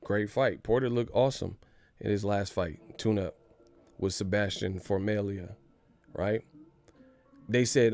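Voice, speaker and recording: A man hosting a casual boxing news livestream, talking in an animated, joking and profane way. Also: fairly low pitch, unhurried, pauses often, faint music behind.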